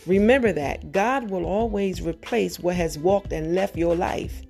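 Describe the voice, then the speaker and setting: A woman with a fairly low, gravelly, darkish voice preaches a sermon on a podcast over soft background music. She exhorts listeners with rapid-fire rhetorical questions, building to emphatic, urgent peaks.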